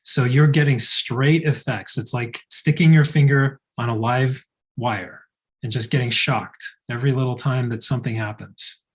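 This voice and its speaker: Calm man explaining burnout. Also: mid-range voice, normal speed. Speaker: co-host of a wellness live session. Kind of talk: casual talk.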